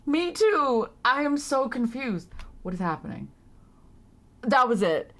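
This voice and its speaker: A woman's voice: fairly high pitch, very animated, unhurried, a bit bright. A young woman streaming a story game, reading lines aloud and reacting with flustered, laughing commentary.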